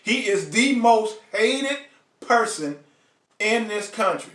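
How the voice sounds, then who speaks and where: Angry ranting man, high bright voice. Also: expressive, takes it slowly, roomy sound, distant mic. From United States. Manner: blunt, heated and profane, addressing viewers by name. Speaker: host of a live online show. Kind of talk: ranting live stream monologue.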